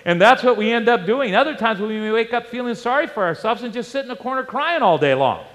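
A male pastor preaching a sermon, animated and storytelling, with rhetorical questions to the congregation. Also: very high voice, fast talker. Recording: long hall reverb.

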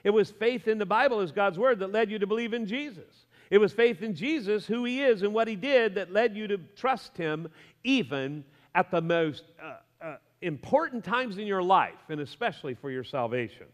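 Brief: male pastor, high voice, chatty humorous sermon, long church reverb. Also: normal speed. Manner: lively, conversational preaching with humor and asides.

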